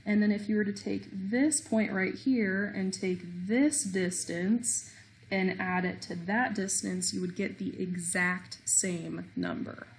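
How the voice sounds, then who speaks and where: A woman's voice: mid-range voice, fairly even intonation, slow, gravelly, a little hiss or hum. A woman teaching a recorded math lesson, explaining step by step with small self-deprecating jokes.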